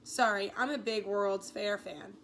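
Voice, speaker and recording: A woman's voice: mid-range voice, fairly even intonation, a little slow, fairly bright tone, slight background noise. An eager know-it-all girl, as a woman reads her. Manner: eager and gushing.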